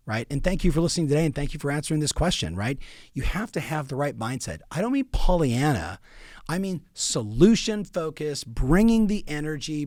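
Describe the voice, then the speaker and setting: A man's voice: fairly high pitch, darkish tone, no room sound, studio quality. A middle-aged man giving emphatic coaching advice to real estate agents, repeating key phrases for weight. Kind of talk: coaching talk.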